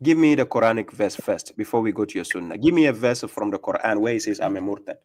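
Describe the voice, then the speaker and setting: A man's voice: fairly low pitch, animated, quick pace, a little mellow. Mocking Ghanaian man hosting a live stream. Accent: Ghanaian English. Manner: mocking, laughs often, taunting. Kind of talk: debate live stream with callers.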